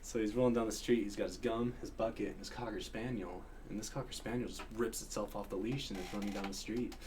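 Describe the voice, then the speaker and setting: A man's voice: fairly low pitch, quick pace, background noise. A man chatting casually on a podcast, laughing often and telling jokes. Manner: laughs often, tells jokes with lively voices. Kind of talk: casual chat.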